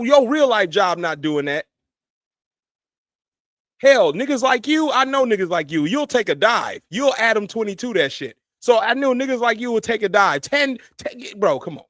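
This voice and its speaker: A man's voice: high-pitched, very animated, normal speed, a bit bright, dry recording. A man hosting a live stream, giving casual commentary in a blunt, heated and profane way. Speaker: streamer host.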